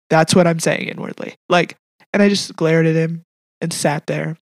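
A woman's voice: low-pitched, steady tone, moderate pace, no room sound. A young adult woman hosting a podcast, telling an emotional personal faith story in an earnest, heartfelt way. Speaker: podcast host. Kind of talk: personal testimony.

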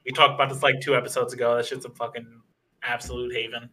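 A man's voice: level tone, quick pace, pushed and bright, low-quality recording. A young man telling a long, rambling bar story on a casual podcast, swearing freely. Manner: acts out other people's lines in higher voices. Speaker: podcast co-host.

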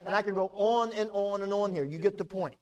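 A male pastor delivering a sermon in an emphatic, animated way. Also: high-pitched, fairly quick, highs cut off.

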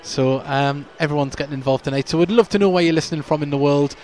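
A man's voice: fairly high pitch, fast talker, a little mellow. A man hosting a club podcast, giving chatty pre-match commentary from a stadium stand and stumbling a little over names.

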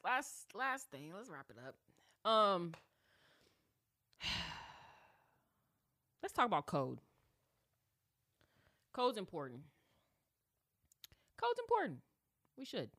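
Woman, podcast host, casual slangy storytelling, lively swooping pitch, bright tone. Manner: animated, slangy, acts out voices.

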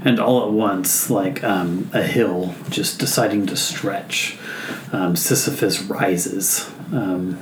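A man playing a tabletop role-play game, describing his character's actions with many pauses and fillers. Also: sits low, fairly even intonation. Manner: hesitant, many ums and "kind of". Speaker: player. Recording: echoey room with background noise.

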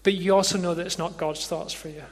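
A pastor gently inviting his congregation into prayer, speaking slowly and reflectively at the close of a sermon in a church service. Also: high voice, fairly even intonation, slight background noise. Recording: long hall reverb with music behind.

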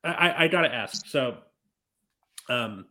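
A man's voice: medium pitch, expressive, measured pace, sharp tone. Man hosting a crude comedy podcast. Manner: asks the panel questions, crude jokes. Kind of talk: casual comedic chat.

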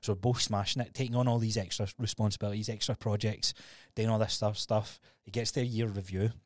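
Low-voiced man, casual storytelling. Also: quick pace, dry recording. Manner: swearing, storytelling, animated retellings. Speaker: podcast co-host. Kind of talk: casual chat.

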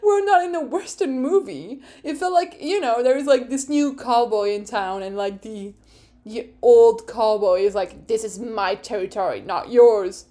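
Slow-talking laughing woman podcaster. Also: on the high side. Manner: animated, laughing often, swearing freely. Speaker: podcast host. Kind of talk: casual solo recap chat.

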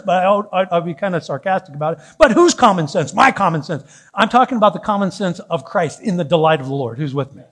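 Guy pastor preaching, kinda high voice, jokes around w the crowd then gets fired up. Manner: joking, teasing the congregation, rising to fervent. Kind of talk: sermon. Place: church.

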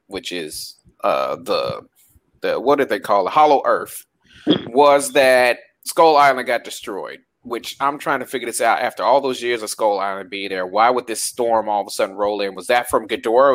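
A man in a casual podcast chat who keeps asking questions and breaks into high laughs. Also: a bit bright. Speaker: podcast co-host.

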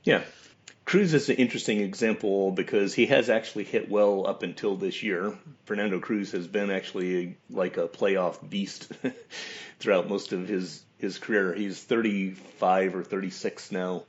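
A man's voice: deep voice, steady tone, normal speed. A man co-hosting a casual podcast chat, wondering aloud about the numbers. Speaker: podcast co-host. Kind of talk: casual chat about a baseball sim league. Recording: dull lo-fi audio.

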